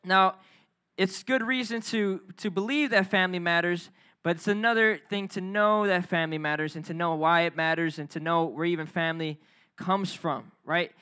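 Male youth pastor, bright high voice, energetic sermon with crowd call-outs. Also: normal speed, clean tone. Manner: energetic, calls for crowd responses. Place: church youth service.

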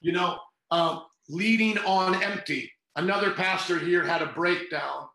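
High-voiced fervent preaching man. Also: unhurried, creaky, pushed and bright, roomy sound, poor audio. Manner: fervent, sarcastic, rambling. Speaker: pastor and podcast host. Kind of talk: casual preaching podcast.

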